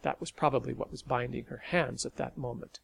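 A man reading a story aloud as an audiobook narrator, in a steady storytelling manner. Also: medium pitch, fairly quick, gravelly, slight background noise.

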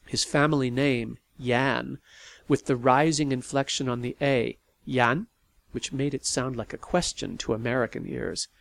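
A man narrating a novel in an expressive storytelling manner. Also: medium pitch, normal speed, vocal fry, few pauses. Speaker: audiobook narrator. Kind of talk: scripted narration.

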